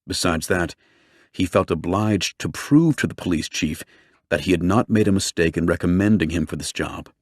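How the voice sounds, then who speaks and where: Reading a true-crime book from a script, the deep-voiced male narrator keeps a steady, measured storytelling pace. The recording is dry, with clean studio sound.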